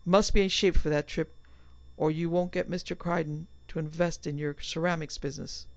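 A woman's voice: low-pitched, steady tone, a little fast, a little mellow, no room sound. A woman voicing an anxious middle-aged man in a panic, with a strained, agitated delivery. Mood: bracing. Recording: slightly dull, dry recording.

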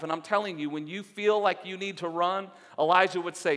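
A man's voice: high voice, fairly even intonation, fairly quick, hardly any pauses, fairly bright tone, big-room sound. A male pastor preaching a sermon in an earnest, exhorting way, repeating phrases for emphasis. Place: church sanctuary.

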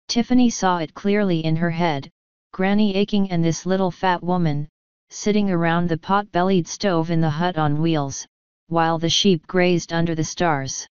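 A woman narrating a novel aloud in steady storytelling. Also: on the low side, moderate pace, clean tone, no room sound. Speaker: audiobook narrator. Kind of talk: scripted narration. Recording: dull lo-fi audio.

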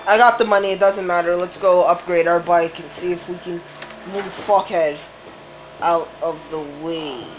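A woman doing game commentary, swearing often and reacting loudly to the race. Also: on the low side, fairly quick, background noise. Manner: profane, excitable, swearing at the game. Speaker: gamer. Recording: dull lo-fi recording with game music.

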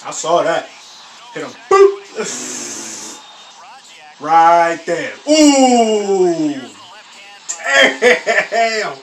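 A high-voiced man hosts a sports reaction video, chatting in loose slang and bursting into shouts and laughter. He sits some distance from the mic in a roomy, echoing space. A faint hiss runs underneath. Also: very slow, pauses often. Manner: animated, laughing often, slangy exclamations. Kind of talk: casual reaction commentary.

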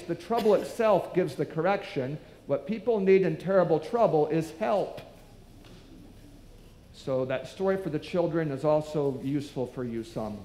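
A man's voice: on the high side, animated, moderate pace, warm tone. A man preaching a sermon, telling a story and acting out the voices of the people in it. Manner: storytelling, acts out quoted voices. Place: church. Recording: echoey church hall.

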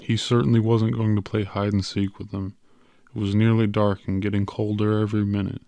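A man narrating an audiobook in a steady, measured storytelling manner. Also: on the low side, creaky, dry recording. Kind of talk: scripted narration.

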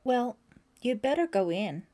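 A woman voicing a friendly young male camp counselor with a gentle, reassuring manner. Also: mid-range voice, moderate pace, natural voice. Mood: kind.

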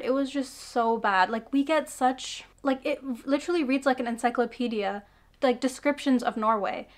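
Chatty young woman reviewing books. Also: high-pitched. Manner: chatty, frank, lots of "like" and sighs. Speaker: book vlogger. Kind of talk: casual book review chat.

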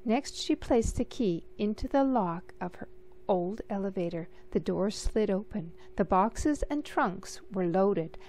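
A woman reading a picture book aloud in a gentle, measured storytelling manner. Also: mid-range voice, lively intonation. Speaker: storybook reader.

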